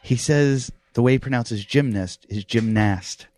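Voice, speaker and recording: A man hosting a podcast at a gym, telling restless, animated stories in casual chat, with plenty of swearing. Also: medium pitch, normal speed, no echo. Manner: animated, profane, restless storytelling. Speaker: podcast host. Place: CrossFit gym.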